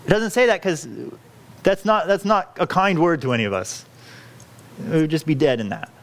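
A pastor with a slightly high male voice preaches a sermon at normal speed, earnest and pleading. He works through a scripture passage, frequently restarting and correcting his phrases.

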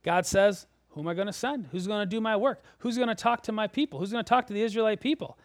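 High-pitched guy giving a sermon, gets loud then drops to a hush, dry sound. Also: fast talker, no echo. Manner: animated, swings between loud emphasis and hushed low lines. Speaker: pastor.

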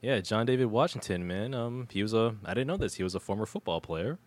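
A man's voice: lowish voice, expressive, fast talker, darkish tone. A man co-hosting a casual podcast, reviewing a movie in a rambling, slangy way with lots of restarts. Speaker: podcast co-host.

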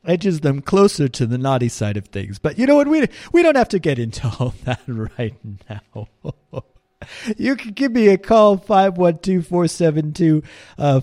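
A man's voice: a little high, darkish tone. A man playing a chuckling, rambling old Santa Claus hosting a comedy radio show, laughing at his own jokes. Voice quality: chuckling, rambling, self-mocking. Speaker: radio host. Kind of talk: comedic radio character bit.

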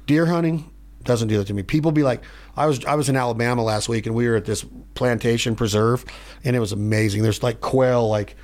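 A man hosting a podcast in a studio, telling stories in a rambling, animated way. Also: medium pitch. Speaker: podcast host. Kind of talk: casual chat.

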